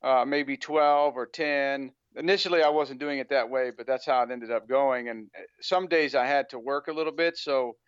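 A man's voice: medium pitch, fairly even intonation, normal speed, hardly any pauses, smooth, no echo, highs cut off. An American man speaking as a guest on an interview podcast, talking casually with a rambling flow full of "you know" fillers. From United States.

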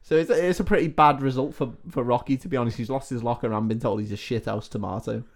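A man's voice: mid-range voice, quick pace. A man co-hosting a podcast, casually retelling film scenes with jokes and swearing. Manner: joking, swearing, recounting scenes. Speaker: podcast co-host. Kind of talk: casual film recap chat.

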